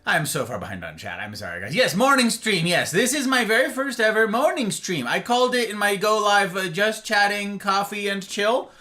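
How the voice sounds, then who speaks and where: A man hosts a relaxed livestream, chatting playfully with his viewers. His pitch swoops all over and his tone is bright and forceful. Soft guitar music plays faintly behind him. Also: moderate pace, hardly any pauses. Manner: animated and playful, greeting chatters by name. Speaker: livestream host. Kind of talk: casual chat with viewers.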